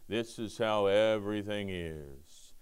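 Brief: gloomy old male donkey, slow low drone, put on by a preacher. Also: clear, resonant tone. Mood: mopey. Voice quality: slow droning mope.

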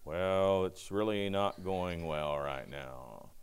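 A pastor voicing a gloomy donkey figure from a children's story, low and droning. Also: male voice, smooth. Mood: mopey. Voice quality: slow droning mope. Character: gloomy old male donkey, slow and mopey.

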